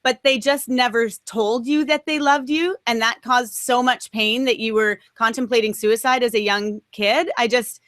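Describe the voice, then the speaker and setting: A woman interview host with a fairly high voice, recorded dry and close. She listens attentively and offers reflective comments. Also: steady tone, normal speed, hardly any pauses, fairly bright tone, dry recording. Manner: attentive, reflective, reacts with short affirmations. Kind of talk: interview conversation.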